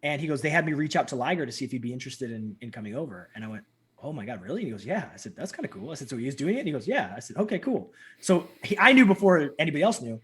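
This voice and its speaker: Fast-talking husky man telling stories. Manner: animated, acts out quotes with big pitch jumps. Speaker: guest. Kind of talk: casual storytelling interview.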